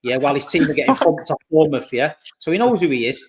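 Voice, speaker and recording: British panelist, higher voice, swings all over, animated storyteller. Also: male voice, fast talker. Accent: British English. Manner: animated storyteller, mock announcer bits. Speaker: regular panelist. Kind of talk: casual football chat.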